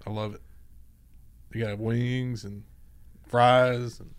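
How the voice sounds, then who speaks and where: A man's voice: medium pitch, little pitch movement, takes it slowly, clear, resonant tone. A man co-hosting a radio show, talking in a laid-back, rambling way. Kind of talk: casual morning-show banter.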